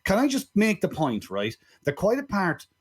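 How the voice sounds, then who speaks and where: A man with an Irish accent co-hosting a film podcast, talking in an animated, swearing way with lots of rhetorical asides. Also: sits high, normal speed, breathy edge. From Ireland. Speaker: podcast co-host. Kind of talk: casual film-review chat.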